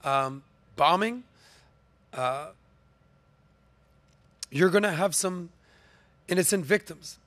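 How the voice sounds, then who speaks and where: A man's voice: sits high, slow, pauses often, a bit bright. A man hosting a podcast, giving an emphatic opinion monologue full of rhetorical questions and ums, with a slight cough. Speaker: podcast host.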